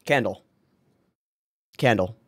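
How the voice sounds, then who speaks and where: An anime reaction channel host with a lowish voice talks slowly in casual commentary, swearing often, laughing, reading on-screen lines aloud and talking back to what he watches. The studio-quality recording has no room sound.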